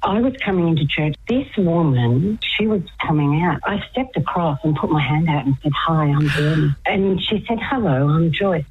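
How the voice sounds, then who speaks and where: An older woman telling her story as a radio guest, animated and laughing often. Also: low-pitched, moderate pace, few pauses, breathy edge, phone-quality sound. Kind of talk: casual phone-in chat.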